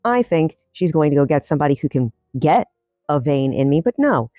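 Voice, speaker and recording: Woman storyteller, lively swooping pitch, emphatic, wry, dry close mic. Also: fairly quick, no room sound, highs cut off, faint music behind. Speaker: vlogger telling a story. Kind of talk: storytime narration.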